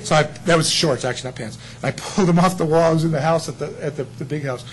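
Animated high-voiced preacher man. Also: fast, slight background noise, poor audio. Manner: animated, jokes and laughs at his own stories. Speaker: pastor. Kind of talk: sermon teaching.

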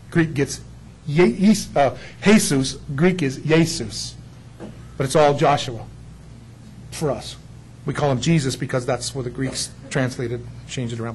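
A man preaching a Bible sermon in an animated, jokey way, acting out the figures he quotes. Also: fairly high pitch, slightly rough, rough recording.

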